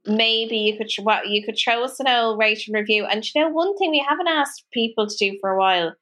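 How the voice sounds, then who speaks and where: A woman co-hosting a podcast, chatting casually and telling animated stories, laughing often. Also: fairly high pitch, fairly quick. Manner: animated storytelling, laughs often, acts out quotes. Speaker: podcast co-host. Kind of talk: casual chat.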